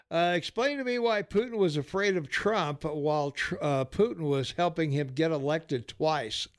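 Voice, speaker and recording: A man's voice: on the high side, unhurried. An older man hosting a talk radio show, rambling through political banter with lots of fillers and easy laughter.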